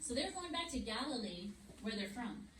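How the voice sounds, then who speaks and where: A woman teaching a Bible story lesson to children in a church classroom, with an animated storytelling manner. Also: a little high, moderate pace, a crowd in the background. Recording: echoey room, far mic, noisy.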